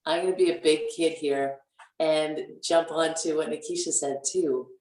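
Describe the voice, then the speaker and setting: A woman guest on a radio talk show, speaking casually and playfully, acting out inner voices with big jumps in pitch. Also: fairly even intonation, normal speed, darkish tone. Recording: echoey, distant from the mic.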